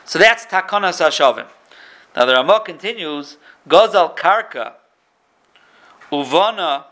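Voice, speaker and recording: High, bright-voiced man teaching Talmud. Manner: reads Hebrew text then explains in casual English. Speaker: Torah teacher. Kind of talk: Talmud lesson, reading and translating.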